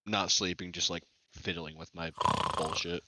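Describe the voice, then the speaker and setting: Deadpan low-voiced man. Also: moderate pace, slight background noise. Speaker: player. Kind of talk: casual tabletop role-play.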